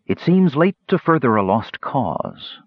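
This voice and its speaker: Guy doing an uneasy noblewoman counselor, pitched up, pleading, dull dry recording. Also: sing-song, measured pace, no room sound. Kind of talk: audiobook character reading.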